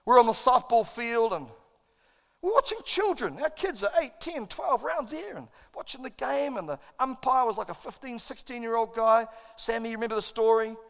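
A man's voice: very high voice, lively intonation, moderate pace, a bit bright. A middle-aged man, preaching a sermon as a pastor in an impassioned, self-deprecating storytelling manner. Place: church auditorium. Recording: long reverb in a large hall.

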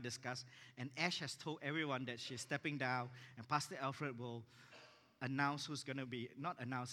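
A man pastor telling a story in a sermon, acting out the dialogue with lively energy. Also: medium pitch. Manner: animated, acts out dialogue in his stories. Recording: echoey hall reverb.

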